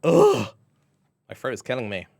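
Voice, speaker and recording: A British man with a medium-pitched, expressive voice chats playfully with viewers on a live stream, reacting to the chat and often dissolving into giggles. He talks at a moderate pace, and the studio-quality recording has no room sound.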